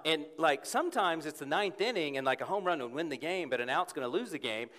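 A man preaching a sermon as pastor, telling stories playfully and then turning quiet and earnest. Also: a little high. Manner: animated, playful storytelling with quick shifts to a quiet, earnest tone. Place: church sanctuary. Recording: long hall reverb in a church.

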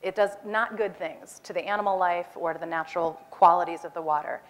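Woman, forties, stage talk, lively storytelling, acts out her own lines. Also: fairly low pitch, fairly quick. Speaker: speaker. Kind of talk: animated personal storytelling talk.

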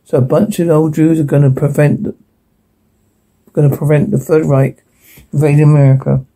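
A blunt police boss barking curt orders in a TV crime drama. His voice is low, dark and mellow, with a gravelly, husky grain. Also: level tone, moderate pace, poor audio. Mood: commanding. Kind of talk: television crime drama acting.

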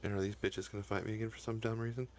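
A man's voice: on the low side, little pitch movement, very fast, slight background noise. A young man narrating his own video game run, cursing the game and talking in a frustrated, profane way. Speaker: gaming YouTuber. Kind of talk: profane Let's Play commentary.

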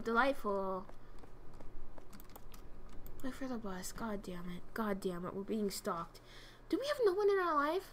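A woman streamer talks through a game in a high, bright voice with a wide, bouncing pitch. She teases her chat playfully, swears freely, and lurches from loud outbursts to low muttering. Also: a little hiss or hum. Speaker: streamer playing a horror game. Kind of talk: casual gameplay commentary to chat.

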